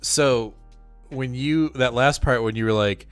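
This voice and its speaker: A man co-hosting a podcast, chiming in with quick agreement and teasing remarks. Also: medium pitch, clear, resonant tone, no echo, soft background music. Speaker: podcast co-host. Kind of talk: casual chat.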